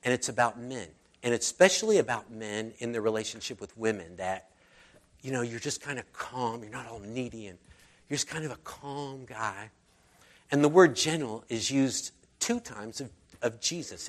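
A man's voice: medium pitch, lively intonation, moderate pace. A man preaching a casual sermon, telling personal stories in a chatty, conversational way and acting out the people he quotes. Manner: chatty storyteller, acts out quoted voices. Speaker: pastor.

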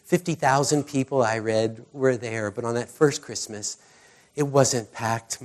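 An American man preaching a conversational sermon, telling stories and acting out the people in them with lively, animated delivery. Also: mid-range voice, measured pace. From United States. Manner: animated storyteller who voices characters. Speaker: pastor.

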